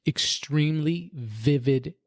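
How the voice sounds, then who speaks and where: A man's voice: on the high side, slow, no echo, clean studio sound. A man, a podcast guest, earnestly tells his personal faith story in conversation, often restarting sentences and adding "right?".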